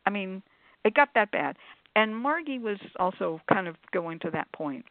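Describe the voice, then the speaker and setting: A woman on a call-in show panel telling an animated story, acting out quotes and using many fillers. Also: mid-range voice, normal speed, dry recording. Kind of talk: casual storytelling. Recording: tinny phone-like line.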